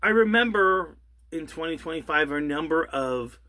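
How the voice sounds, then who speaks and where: A man's voice: on the high side, lively intonation, bright, forceful tone. A man, the host of his own channel, delivering an angry, sarcastic rant with rhetorical questions and the odd curse, drawing out words for emphasis. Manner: drawls some words slowly for emphasis. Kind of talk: ranting monologue.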